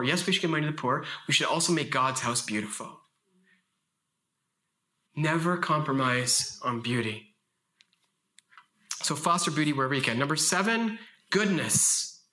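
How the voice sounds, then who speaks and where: Bright-voiced impassioned male speaker. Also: a little high. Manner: impassioned, emphatic, storytelling with vivid voice shifts. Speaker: conference speaker. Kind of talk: passionate talk at a faith conference.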